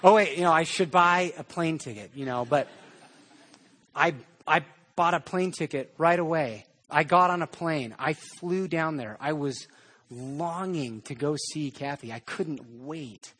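A male pastor delivering a sermon with animated, conversational storytelling. His voice is somewhat husky and sits a bit high for a man. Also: measured pace.

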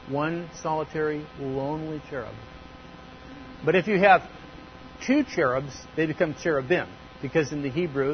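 A man preaching a sermon, swinging between loud emphasis and quiet asides. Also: fairly high pitch. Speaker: pastor. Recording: dull lo-fi church recording with faint hum.

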